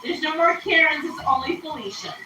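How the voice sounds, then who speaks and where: A woman's voice: sits high, lively intonation, brisk, sharp tone, a little hiss or hum. A woman hosting a casual home cooking stream, chatty and giggly and laughing often, in an echoey kitchen. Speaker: cooking show host. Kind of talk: casual cooking livestream chat.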